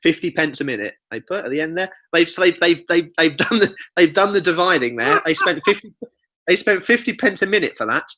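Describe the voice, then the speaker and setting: A man's voice: on the high side, lively intonation, a little fast, pushed and bright. A young man co-hosting a comedy podcast, chatting casually and reading reviews aloud with joking asides. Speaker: podcast co-host.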